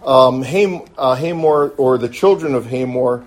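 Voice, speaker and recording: A man teaching a Bible study class, pausing often with fillers and restarts, and answering questions politely. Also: mid-range voice. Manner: halting, many fillers and restarts; polite, answers with "yes, ma'am".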